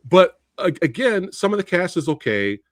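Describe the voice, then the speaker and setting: A man hosting a podcast and ranting in an exasperated, storytelling way. His voice is fairly high for a man and swings widely in pitch. It sounds close and dry, with no room echo. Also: very animated, normal speed. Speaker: podcast host. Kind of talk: animated casual chat.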